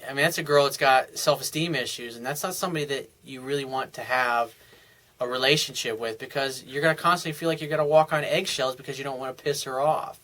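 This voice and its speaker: A man's voice: mid-range voice, fairly even intonation, fast talker, pushed and bright, poor audio. A man giving casual, blunt dating advice as a coach, answering a viewer's email in a conversational monologue.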